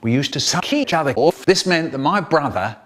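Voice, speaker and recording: A man telling a children's story in a theatrical way, with sudden jumps in pitch and loudness and silly voices for the people in it. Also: lively intonation, fairly quick. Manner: does silly character voices. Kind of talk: animated storytelling, cut up and remixed.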